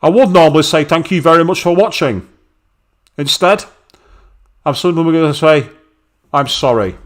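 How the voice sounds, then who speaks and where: A man's voice: a little high, normal speed. A man, streaming a game live and speaking bluntly with heavy swearing and open anger. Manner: angry, blunt, swears heavily. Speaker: let's play streamer.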